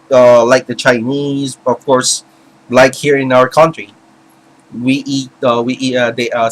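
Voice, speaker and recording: Worked-up guy ranting in a video, lots of uh's and restarts, voice on the high side. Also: a bit bright, poor audio. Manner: impassioned, rambling with many fillers and restarts. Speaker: video commentator. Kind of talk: ranting commentary.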